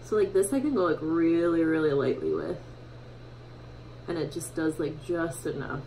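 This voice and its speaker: Chatty young woman, lowish voice. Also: very animated, moderate pace, warm tone, a little hiss or hum, rough recording. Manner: chatty, many fillers, self-mocking. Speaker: beauty vlogger. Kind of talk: casual makeup tutorial chat. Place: home bathroom.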